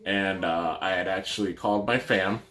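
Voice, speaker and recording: Low-voiced man telling a story. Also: fairly even intonation, moderate pace, fairly bright tone. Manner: rambling, many fillers and restarts. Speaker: YouTuber. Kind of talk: casual storytelling.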